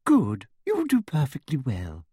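A man's voice: mid-range voice, huge pitch swings, measured pace, dark tone, breathy edge, no echo, clean studio sound, exaggerated voice. A man voicing a prim, falsely sweet middle-aged woman official who speaks in a fussy, simpering way. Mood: sugary, prim.

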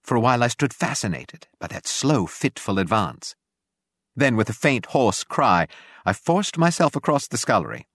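A man narrating an audiobook in a measured, grave way. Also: mid-range voice, very animated, fairly bright tone, no echo, studio quality.

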